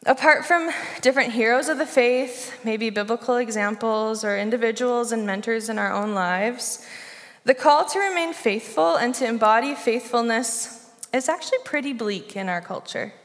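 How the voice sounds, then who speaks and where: A woman's voice: on the high side, moderate pace. Young woman preaching in a reverberant hall. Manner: conversational, with rhetorical questions to listeners. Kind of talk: sermon. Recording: long reverb of a large hall.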